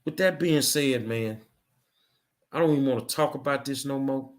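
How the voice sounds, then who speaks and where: A man's voice: mid-range voice, moderate pace. A middle-aged man hosting his own show, delivering an angry, emphatic monologue with hard repetition. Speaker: show host. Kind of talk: impassioned monologue.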